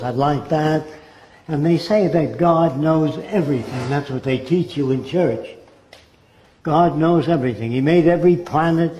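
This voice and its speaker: In a lecture-style monologue, a man with a slightly high, warm voice gives a blunt, sardonic talk full of rhetorical questions. The recording has a roomy echo.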